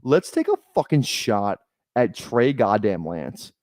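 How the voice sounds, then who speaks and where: A man's voice: on the low side, sing-song, slow pace, a little mellow, no echo, clean studio sound. A young man from Minnesota chatting casually on a live stream, rambling and joking with many restarts. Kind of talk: casual live-stream chat while drafting.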